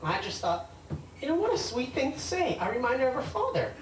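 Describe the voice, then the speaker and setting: A man's voice: extremely high pitch, huge pitch swings, fast, slight background noise. A man doing a stand-up comedy set, rambling and hesitant, talking back to hecklers. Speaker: stand-up comic. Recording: roomy club sound from a distant mic with loud crowd.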